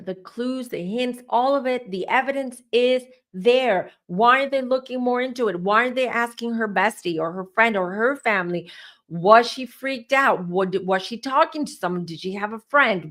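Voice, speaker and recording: A woman doing a casual tarot reading for her channel, talking in an animated way and repeating herself as she works up to exclamations. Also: fairly high pitch. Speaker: tarot reader.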